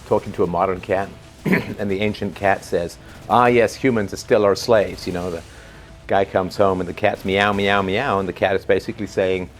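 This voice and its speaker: A low-voiced man rambles through his thoughts in a relaxed, conversational way, tagging his points with "right?" and chuckling now and then. Soft music plays quietly under his voice. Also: normal speed. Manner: conversational and musing, with many fillers and rhetorical "right?". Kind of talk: unscripted spoken commentary.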